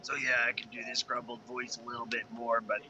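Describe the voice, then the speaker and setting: A mid-pitched man talks through a space game in loose, rambling chat, pausing to think aloud. Steady noise sits clearly behind his voice throughout the recording. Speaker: pilot and gaming video co-host. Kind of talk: casual gaming chat. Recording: noisy background.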